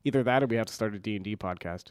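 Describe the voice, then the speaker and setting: A young man with a stuffy cold co-hosts a casual college radio show, rambling, correcting himself, and cracking jokes. His fairly low voice is very fast and smooth, captured on a studio mic with no room sound.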